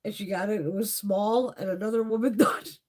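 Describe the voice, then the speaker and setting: A middle-aged woman chatting on a live stream, telling a story in a profane, animated way with a husky voice. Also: medium pitch, brisk. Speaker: beauty vlogger. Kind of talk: casual live-stream chat.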